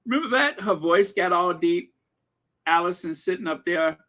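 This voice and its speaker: A man's voice: high-pitched, flat delivery, measured pace, fairly bright tone. A man hosting a gossip commentary video, talking in a sarcastic, indignant way. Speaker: commentary channel host.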